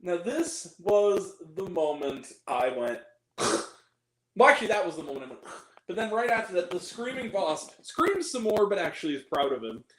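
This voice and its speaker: A man tears into a film in a sarcastic, exasperated review, his pitch swooping widely as he rants. His laughter slips in at the absurd parts. The voice carries a roomy echo. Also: big pitch swings, moderate pace. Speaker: movie reviewer.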